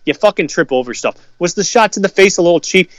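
A fired-up man with a fairly high voice goes off in a profane, heated sports rant. His voice is close and dry, with no room around it. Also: expressive, fast, fairly bright tone, dry recording. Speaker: podcast co-host.

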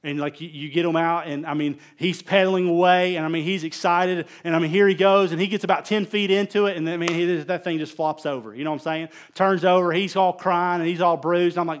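A middle-aged man preaching a conversational sermon as pastor, telling stories animatedly and swinging between loud emphasis and quiet asides. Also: high voice, fairly even intonation, fast talker, few pauses.

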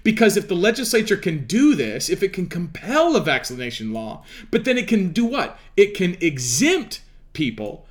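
A man lectures on law with a fairly high voice that swings up and down with lively emphasis. He talks like a preacher, driving points home and asking rhetorical questions. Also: normal speed. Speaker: legal commentator. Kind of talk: explanatory talk on law.

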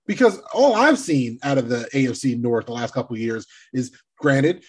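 A man's voice: medium pitch, moderate pace, husky. A man co-hosting a casual sports podcast who teases his co-host and swears casually. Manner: teasing, lively, swears casually.

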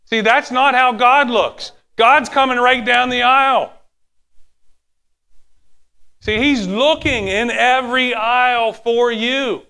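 A man preaching a sermon, animated, sometimes dropping to a hushed tone and acting out little quotes. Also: very high-pitched, slow pace, creaky, long pauses, smooth. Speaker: pastor.

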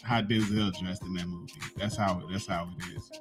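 A man's voice: sits low, steady tone, moderate pace. A man co-hosting a casual chat, joking loosely with lots of "like" and easy restarts. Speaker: podcast co-host. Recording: music playing clearly behind.

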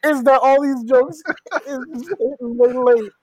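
A man's voice: very high-pitched, steady tone, a little slow, very noisy. A young man co-hosting a podcast who chats casually, laughs a lot, and tells stories. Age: young adult. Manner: giggly, storytelling banter. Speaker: podcast co-host. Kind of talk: casual chat.

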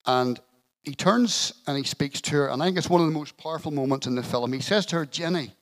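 A man's voice: a little high, fast, poor audio. Man preaching an earnest sermon. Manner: earnest storytelling with light humour. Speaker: pastor.

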